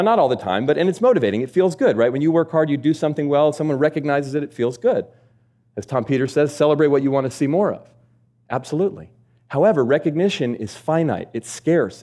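A male speaker gives a motivational talk, moving through stories at a quick clip. He keeps the audience involved with rhetorical questions and a conversational manner. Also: mid-range voice. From United States. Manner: lively storytelling with rhetorical questions. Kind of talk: keynote talk.

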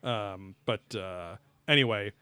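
A man's voice: lowish voice, slow, pushed and bright, clear, resonant tone, no room sound. A man co-hosting a podcast, chatting casually over beers, rambling loosely and swearing offhandedly. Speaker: podcast co-host.

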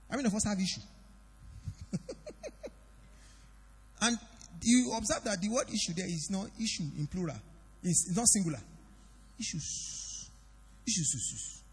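A pastor preaching a sermon in a church hall, swinging between loud declarations and quiet confiding. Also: male voice, sits high, breathy edge. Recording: long reverb of a church hall.

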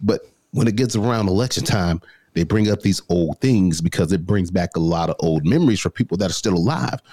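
A man in his thirties talking casually as a podcast guest, an animated storyteller who says bro and man a lot. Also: low voice, brisk, dry recording. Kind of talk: casual conversation.

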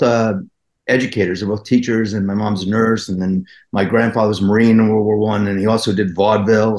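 A man in his fifties from New Jersey, a guest actor telling stories in a casual podcast interview, rambling and halting as he goes. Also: fairly low pitch. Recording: roomy echo.

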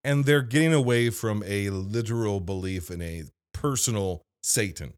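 A man's voice: on the low side, normal speed, clear, resonant tone. A man hosting a solo movie review, thinking aloud into a microphone with restarts and asides. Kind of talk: solo off-the-cuff film review. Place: video store. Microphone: studio microphone.

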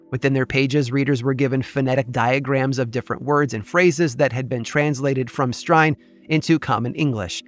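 Man narrating a curious tale. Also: a little high. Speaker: podcast host and narrator. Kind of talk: scripted storytelling narration. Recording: faint music bed behind.

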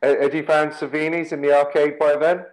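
A man adding quick comments and questions in a casual chat. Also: a little high, little pitch movement, low-quality recording.

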